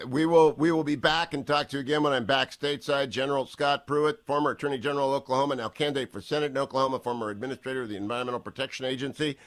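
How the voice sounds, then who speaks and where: A man hosting a radio talk show, briskly introducing guests and segments. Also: medium pitch, fairly even intonation, a bit bright, no room sound. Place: remote broadcast from abroad.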